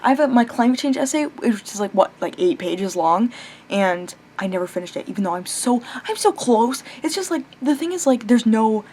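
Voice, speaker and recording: A young woman rambling casually in a late-night vlog, chatty and animated, full of fillers, restarts and casual swearing, now and then breaking off to talk to her pet. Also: a little high, moderate pace. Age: young adult. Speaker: vlogger.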